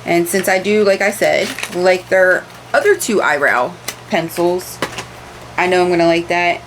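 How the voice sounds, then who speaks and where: A woman's voice: fairly low pitch, a little slow, fairly bright tone, slight background noise, low-quality recording. A woman chatting casually as she unboxes beauty products, candid and repeating words for emphasis, in a room lit by a ring light. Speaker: beauty vlogger.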